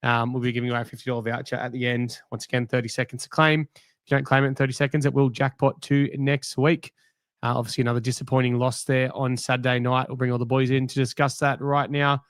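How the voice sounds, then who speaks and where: A man's voice: mid-range voice, flat delivery, fast talker, dry recording. An Australian man hosting a casual live podcast, teasing and joking with his panel. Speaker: podcast host. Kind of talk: casual live-stream chat.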